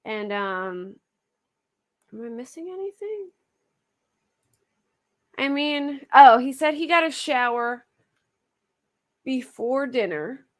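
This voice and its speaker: A woman's voice: high voice, lively intonation, slow pace, long pauses. A woman with a Philadelphia accent chatting casually with her livestream viewers, laughing often and fretting over how she says words. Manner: chatty, laughs often, self-conscious about her pronunciation. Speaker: true crime livestream host. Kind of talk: casual chat with live chat viewers.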